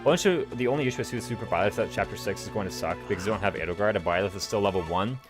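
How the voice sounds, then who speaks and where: A man with a Southern US accent gives quick, low-voiced commentary over a strategy game and thinks out loud in a loose, rambling way. His consonants blur and fall away as he talks. Game music plays clearly underneath. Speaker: streamer playing a strategy game. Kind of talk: casual gameplay commentary.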